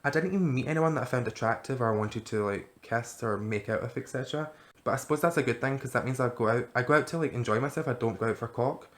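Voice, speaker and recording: A man's voice: mid-range voice, fast, fairly bright tone. A young man from Scotland with a Glaswegian accent, chatting casually to camera as a vlogger and telling a night-out story with plenty of swearing.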